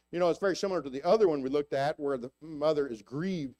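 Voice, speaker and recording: An older man preaching in church, his voice sitting high for a man. He talks in a loose, halting way, full of restarts and fillers, and pushes his voice up when he asks rhetorical questions. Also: darkish tone. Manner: rises in pitch for rhetorical questions. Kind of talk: sermon.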